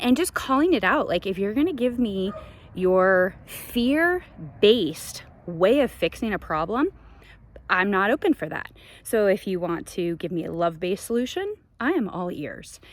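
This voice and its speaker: A woman hosting her own show, talking passionately in a spiritual monologue, venting with laughs now and then. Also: medium pitch. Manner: passionate, ranting, frequent laughs. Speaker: podcast host.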